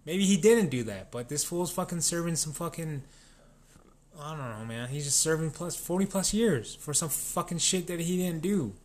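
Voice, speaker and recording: A man's voice: on the high side, animated, moderate pace. A man in a casual, rambling rant, swearing constantly and restarting his sentences. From New Mexico.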